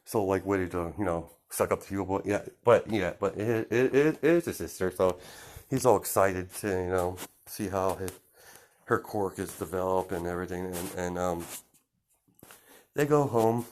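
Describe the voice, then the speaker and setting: A man's voice: low-pitched, normal speed, a little mellow, slight background noise. A man telling an improvised story in a casual, rambling way, full of fillers and restarts. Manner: rambling, many fillers and restarts, laughs at himself.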